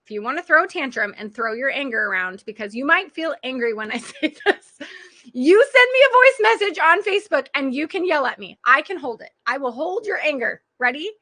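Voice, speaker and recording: Bright high-voiced woman coaching. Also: very animated, fairly quick. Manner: earnest, direct address to listeners, frequent laughter. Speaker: parenting and life coach. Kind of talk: motivational coaching talk on a group call.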